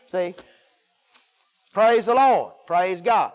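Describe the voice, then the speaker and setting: A man preaching a fervent sermon, swinging between loud exclamations of praise and low, quieter asides. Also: slow, long pauses. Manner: fervent, rising and falling with hallelujahs.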